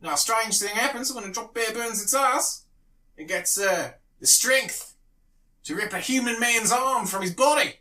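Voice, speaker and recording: An Englishman putting on an Australian accent to play a loud, boisterous bloke telling a tall tale. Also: high-pitched, animated, normal speed, far from the mic, voice pushed up. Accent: Australian put-on. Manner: loud, boisterous, shouting at the climax.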